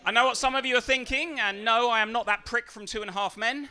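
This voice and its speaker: A man's voice: extremely high pitch, steady tone, fast talker. A man doing a stand-up set on a comedy club stage, with a brash, sweary, mocking delivery.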